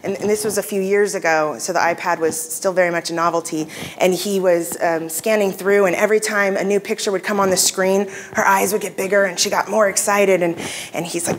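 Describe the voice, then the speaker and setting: A woman's voice: medium pitch, fairly even intonation, brisk, a little hiss or hum. A woman giving a conference keynote, telling stories in a conversational way with frequent fillers and restarts. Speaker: keynote speaker. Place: convention hall stage.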